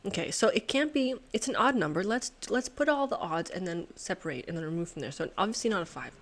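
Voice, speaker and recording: A woman hosting a sudoku video who thinks aloud as she solves. She is excitable and swears and laughs in disbelief as she talks to herself and her viewers. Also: lowish voice, quick pace. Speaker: host solving a sudoku puzzle. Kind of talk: thinking aloud while solving a puzzle.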